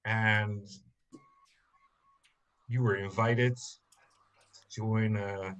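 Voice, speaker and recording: A man running a tabletop game as game master, describing scenes to his players. His voice sits low and he takes his time, pausing often and filling the gaps with ums and uhs. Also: fairly even intonation, fairly bright tone, lo-fi sound. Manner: slow, halting narration with many fillers.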